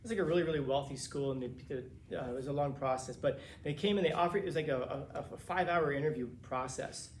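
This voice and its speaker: A man who teaches, from Los Angeles, telling his students a long story in a casual, animated way, quoting the people in it. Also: on the high side, fast talker, few pauses, echoey room, a little hiss or hum. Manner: casual, animated retelling with quoted dialogue. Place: classroom.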